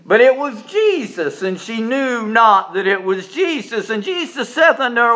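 A man preaching a sermon. His voice sits high and sounds bright and forceful. He swings from booming emphasis to soft, folksy asides, often repeating a word as he gets going. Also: very animated, unhurried, hardly any pauses. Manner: emphatic preaching with sudden loud rises and quiet asides; folksy, repeats words when starting sentences.

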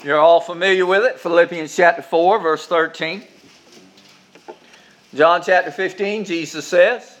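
A male pastor preaching a sermon, leading the congregation in call-and-response and climbing higher on emphasis. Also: normal speed, a bit bright.

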